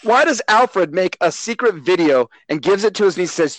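High-pitched podcast dude ranting and cussing, way too close to the mic, dead dry sound. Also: male voice, a little fast, hardly any pauses, no room sound, rough recording. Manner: animated, swearing, loud bursts of indignation. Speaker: podcast co-host. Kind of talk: casual podcast rant. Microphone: close mic, speaking too loud into it.

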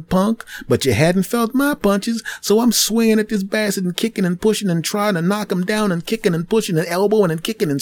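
A podcast host telling a funny story from his school days in an animated way, acting out the other people's lines and making sound effects with his mouth. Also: fairly high pitch, no room sound. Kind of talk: comic storytelling monologue.

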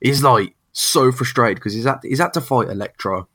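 A man's voice: medium pitch, moderate pace, fairly bright tone. A man co-hosting a casual comic-book podcast, giggly and slangy. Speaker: podcast co-host.

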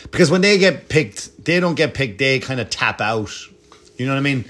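A middle-aged Irish man, a comedian, telling profane, animated anecdotes at home with lots of asides. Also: medium pitch, normal speed. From Ireland. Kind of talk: casual storytelling. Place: home, dog nearby.

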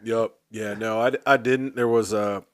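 Lively storytelling male podcast host. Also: on the low side, normal speed, dry recording, clean studio sound. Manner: animated storyteller acting out quoted dialogue. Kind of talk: casual storytelling chat.

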